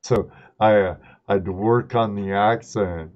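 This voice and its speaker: A man's voice: lowish voice, steady tone, slow pace, darkish tone. A middle-aged man from Southern California, hosting a live stream and rambling through stories, laughing at himself. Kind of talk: casual chat. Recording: dull lo-fi stream audio.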